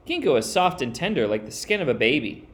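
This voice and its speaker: A man voicing a clever, quick-witted eldest girl who calls out in a high, bright voice. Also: big pitch swings, close to an everyday voice. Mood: wary.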